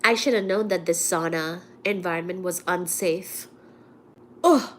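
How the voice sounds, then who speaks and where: Woman with a cold, chatting slowly. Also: lowish voice, slight background noise. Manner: chatty storyteller, animated and indignant, acts out quotes. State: sick with a cold, coughing. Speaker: vlogger. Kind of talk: casual chat to a live audience.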